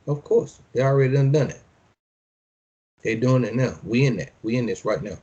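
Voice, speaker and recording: A man preaching a sermon, reading verses slowly and solemnly, then commenting in loose, slangy everyday speech and repeating phrases for emphasis. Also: medium pitch, lively intonation, warm tone, lo-fi sound.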